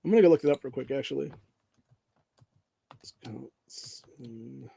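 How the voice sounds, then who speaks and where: Speaking a little slowly with a mid-range, mellow voice that has vocal fry, this Ohio man hosts a laid-back political podcast. He rants in anger, swears a lot and keeps saying "dude," and the recording is slightly rough.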